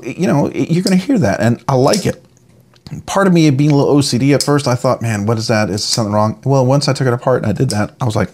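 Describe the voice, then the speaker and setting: A man talks through a knife review in a relaxed, chatty way. He rambles, restarts his sentences and gushes with enthusiasm. His voice sits at an ordinary, middling pitch. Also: a little hiss or hum. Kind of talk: casual product review.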